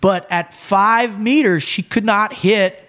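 A man who is a podcast guest, telling stories in casual chat in a blunt, animated way. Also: high voice, slow.

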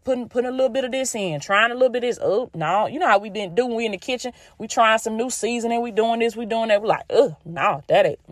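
A woman's voice: mid-range voice, no echo, clean studio sound. A woman with a Southern US accent, hosting a podcast and giving a faith-based motivational talk in a folksy, down-home way, repeating phrases for emphasis. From Southern United States. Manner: folksy and down-home, addresses listeners as "baby" and "y'all". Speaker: podcast host.

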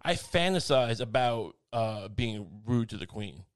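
A man's voice: mid-range voice, sing-song, unhurried. Rambling, self-mocking man in casual chat.

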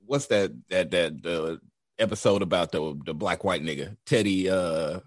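A man's voice: sits low, moderate pace, dry recording, studio quality. A young adult man co-hosting a casual chat, telling stories in a laid-back, profane way. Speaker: podcast co-host.

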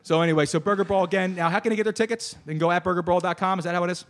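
Man, host, high voice, quick talker, boisterous, teasing. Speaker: radio show host. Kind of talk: casual chat. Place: studio.

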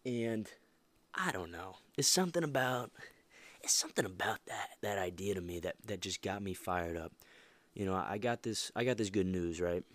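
Young man, very low voice, dry close sound, rambling motivational talk. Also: no room sound. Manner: emphatic, rambling with many restarts and fillers. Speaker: podcast host. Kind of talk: casual motivational monologue.

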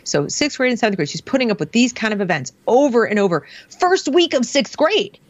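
A woman's voice: on the high side, brisk, no echo. A woman in her forties tells a story conversationally and animatedly, acting out the dialogue of the people in it. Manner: animated, acts out quoted dialogue. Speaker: parent interviewee. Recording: dull, slightly muffled dry sound.

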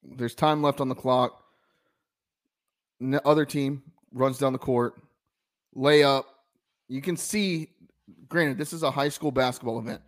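A man's voice: mid-range voice, unhurried, long pauses. Southern man telling a sports story. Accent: Southern American. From American South. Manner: rambling, many restarts, animated storytelling. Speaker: podcast co-host. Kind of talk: casual sports chat.

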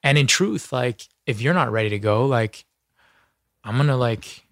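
A man's voice: medium pitch, lively intonation, moderate pace, no room sound, clean studio sound. A man speaking as an actor guest in a casual interview, earnest and heartfelt, often restarting his sentences. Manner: earnest, heartfelt, full of restarts and "you know".

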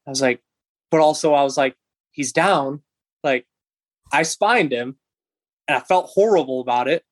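A man in his thirties, a podcast guest, telling a story in animated, halting bursts with many restarts. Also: medium pitch, no echo.

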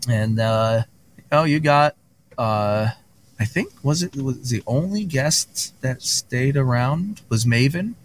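A man's voice: mid-range voice, slow pace, a little hiss or hum. A man on a podcast, telling stories in a casual chat and acting out what people said. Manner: animated, acts out others' lines. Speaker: podcast guest.

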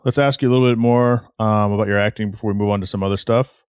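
A man's voice: on the low side, steady tone, quick pace, darkish tone, clean tone, no room sound, clean studio sound. A man hosting a casual podcast interview, introducing his guest and giving friendly, brief agreeing replies. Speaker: podcast host.

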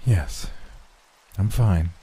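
A man voicing an eerie waitress who talks flatly in a fake, lilting accent. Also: low voice, extremely slow, slight background noise.

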